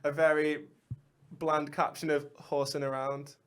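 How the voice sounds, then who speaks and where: Young male podcast co-host, somewhat high-pitched, loose and sweary banter. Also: level tone, smooth. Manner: chatty, sweary, quick to laugh. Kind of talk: casual chat.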